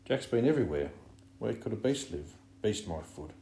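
A man's voice: on the low side, sing-song, moderate pace, dark tone, voice pushed up. A man voicing an indignant, jeering boy, in a roomy room with a faint hum. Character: indignant, bespectacled know-it-all boy.

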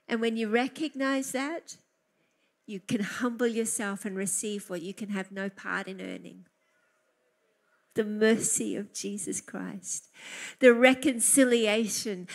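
A woman's voice: fairly high pitch, a bit bright. A woman preaching a fervent sermon, emphatic and full of repeated praise.

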